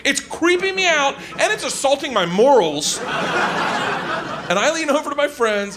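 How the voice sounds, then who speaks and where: A man doing stand-up, telling a rowdy story loudly, laughing and acting out the characters. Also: extremely high pitch, sing-song, normal speed, noisy background. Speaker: stand-up comedian.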